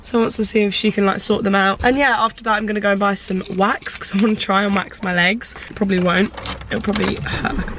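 A woman's voice: medium pitch, fairly even intonation, fast, fairly bright tone, slight background noise. A young woman, vlogging in a chatty, rambling and nervous way to her phone camera. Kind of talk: casual chat to camera.

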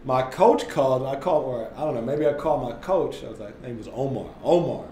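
A mid-range voice, a little fast, belongs to a podcast guest in his thirties who once played basketball; he tells animated conversational stories, laughing and peppering them with "like" and "right?". There's slight background noise and roomy echo.

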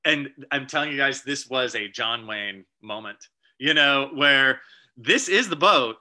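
A man giving a casual storytelling slide talk to an astronomy club, chatty and animated, with many fillers and restarts. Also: mid-range voice, measured pace. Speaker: guest presenter at an astronomy club meeting.

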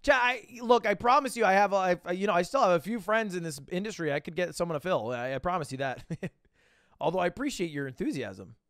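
A man's voice: sits high, expressive, fast talker, fairly bright tone, no echo, studio quality. A young man streaming, telling a rambling story to his chat with lots of restarts and swearing.

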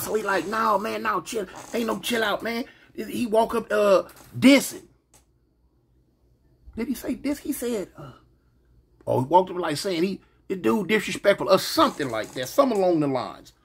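A man casually telling a personal story to his viewers, animated and full of slang, often asking "you know what I'm saying". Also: on the high side, slightly rough.

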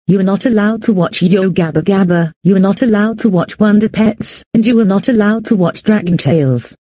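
A woman's voice: mid-range voice, mellow, dry recording, close to an everyday voice. A text-to-speech woman's voice playing a strict adult woman who lectures and scolds in long repetitive lists. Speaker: animated character.

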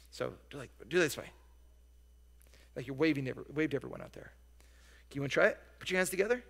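A man leading a children's message in church, speaking gently and coaxingly, and singing a simple song slowly with hand motions. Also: on the high side, vocal fry. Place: church sanctuary. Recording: long church reverb.

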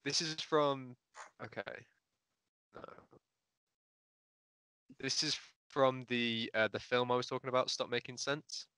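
A man's voice: mid-range voice, steady tone, a little slow, pauses often, bright, forceful tone, smooth, no echo, low-quality recording. A man co-hosting a podcast over a video call, musing hesitantly about an album with many fillers. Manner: hesitant, restarts and fillers, thoughtful. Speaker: podcast co-host. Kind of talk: casual music discussion. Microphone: video call mic.

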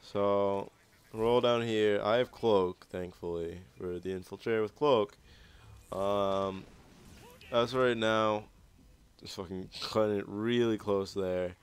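A man's voice: on the low side, steady tone, takes it slowly, clear, resonant tone. A young man giving loose, profane commentary over his gameplay footage, rambling and easygoing. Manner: laid-back, rambling, heavy swearing. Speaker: gaming YouTuber.

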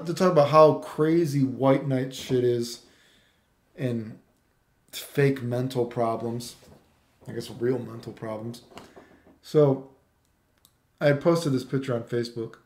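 A man's voice: medium pitch, darkish tone. A man ranting casually in a vlog, swearing a lot and repeating "dude". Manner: profane, repetitive, says "dude" constantly. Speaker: vlogger. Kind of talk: casual rant. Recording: roomy echo.

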